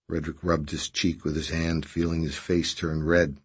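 A man narrating a story in a measured, expressive way. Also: extremely low pitch, breathy edge. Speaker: audiobook narrator. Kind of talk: scripted narration.

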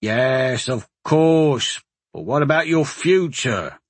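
A man's voice: medium pitch, expressive, takes it slowly, slightly rough, dry recording. A man voicing a blunt, skeptical male soldier in a fantasy audiobook. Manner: blunt, grumbling then encouraging.

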